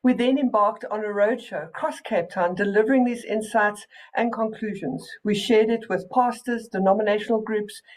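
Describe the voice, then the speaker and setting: A woman reading a documentary voice-over clearly and gratefully. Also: mid-range voice, a little mellow, rough recording. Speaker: organisation spokesperson.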